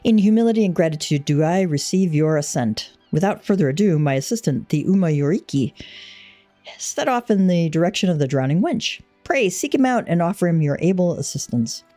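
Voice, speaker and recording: A woman's voice: lowish voice, lively intonation, a little fast, dark tone, dry recording, faint music behind, close to an everyday voice. A woman reading as a stately eastern envoy. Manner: stately, archaic, ceremonious phrasing. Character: pompous formal male envoy from the Far East. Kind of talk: read-aloud game dialogue.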